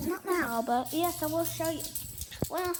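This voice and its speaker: A female vlogger chatting casually at home, rambling and cooing at her dogs in a high voice. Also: a little slow. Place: home, indoors and out in the rain. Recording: noisy home video with rain noise.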